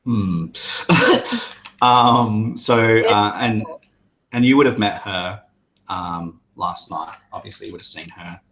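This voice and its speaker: A man narrating a tabletop game as game master, hesitant and halting. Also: on the low side, a bit bright. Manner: hesitant, many fillers and restarts.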